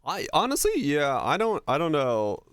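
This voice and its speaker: A man's voice: fairly high pitch, huge pitch swings, normal speed, a bit bright, clear, resonant tone, dry recording, studio quality. Young man ranting casually, cursing freely. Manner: ranting, swears freely, chats with viewers. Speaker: streamer. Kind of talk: casual live-stream chat.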